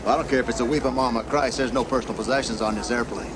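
An actor playing a rough, hostile male guard who barks insults in a film clip. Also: mid-range voice, fairly even intonation, a little fast, close to an everyday voice. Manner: gruff, insulting, barking. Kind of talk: film dialogue. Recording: film clip with loud background noise.

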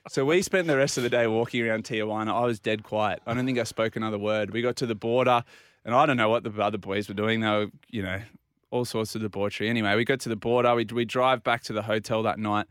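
A man's voice: on the low side, steady tone, fast talker, a bit bright, clear, resonant tone, no echo, studio quality. An Australian man telling a self-deprecating story on a radio show in a casual, easygoing way. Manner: easygoing, self-deprecating, acts out quoted dialogue.

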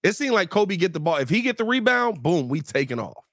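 A man co-hosting a sports podcast in a casual, animated way, his voice slightly hoarse. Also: sits high, quick pace, dry recording, clean studio sound. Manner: animated, laughs often, reads sponsor ads. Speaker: podcast co-host.

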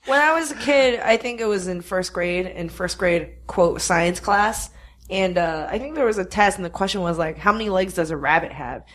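A woman's voice: fairly low pitch, moderate pace. A woman co-hosting a podcast, telling stories in casual chat and laughing often. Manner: laughing, expressive storyteller. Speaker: podcast co-host.

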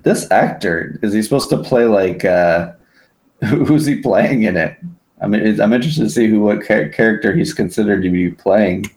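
A man with a lowish voice chatting casually as a podcast co-host. He rambles, stops and restarts with plenty of fillers. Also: normal speed, darkish tone. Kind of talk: casual chat.

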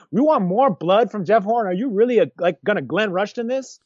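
A man co-hosting a casual sports chat, rambling and restarting his sentences with lively energy, on a dull lo-fi recording. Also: sits high, normal speed, few pauses, dry recording. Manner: rambling, lots of restarts, animated. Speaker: podcast co-host. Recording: dull lo-fi dry sound.

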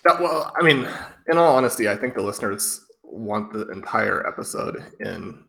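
A man co-hosting a podcast, talking in a measured, analytical way. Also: fairly low pitch, animated, gravelly, pushed and bright. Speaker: podcast co-host. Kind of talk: casual podcast chat.

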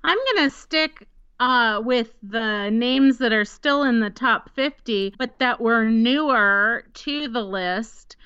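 Playful woman podcast co-host, slow and clear, slightly dull dry recording. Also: a little high, sharp tone, no echo. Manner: playful, spells names out letter by letter. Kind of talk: casual chat about baby names.

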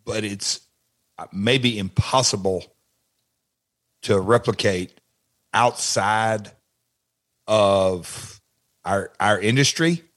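Older guy, low voice, rambling on about backstage days, lots of stops and starts. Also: a bit bright. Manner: rambling, halting, reflective. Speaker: retired wrestler, guest. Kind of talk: casual chat.

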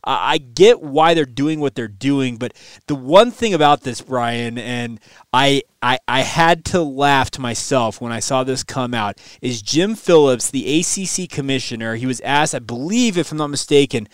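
A man co-hosting a sports podcast, talking in a measured, analytical way during casual chat. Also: mid-range voice, expressive, clear, resonant tone, no echo. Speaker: podcast co-host.

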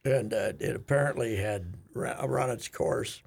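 A man's voice: fairly low pitch, unhurried, gravelly, darkish tone, slightly rough. A man co-hosting a casual radio talk show, telling rambling stories with many restarts, possibly. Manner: rambling storyteller, frequent "uh" restarts, bursts of laughter. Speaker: radio co-host. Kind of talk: casual chat.

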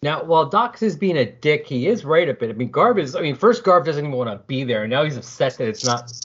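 Husky guy with a bouncy voice, opinionated, lo-fi. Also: on the high side, lively intonation, fast. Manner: opinionated, laughing. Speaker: podcast co-host. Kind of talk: casual recap chat.

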